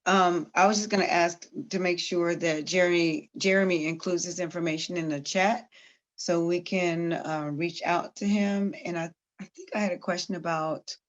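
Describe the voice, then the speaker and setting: A woman's voice: lowish voice, lo-fi sound. A woman on an online meetup who cuts in hesitantly, with a lot of apologies.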